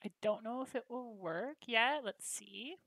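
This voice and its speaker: A woman's voice: fairly high pitch, a little slow, gravelly, a bit bright, no echo. A woman hosting a gaming livestream, chatting casually and bubbly with her viewers. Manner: bubbly, chatty, reacting to chat.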